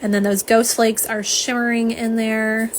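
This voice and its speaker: A woman's voice: a little high, flat delivery, measured pace, a little hiss or hum. A woman chatting through a live nail polish swatch stream at home, rambling and reading out viewer comments. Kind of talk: live unboxing chat.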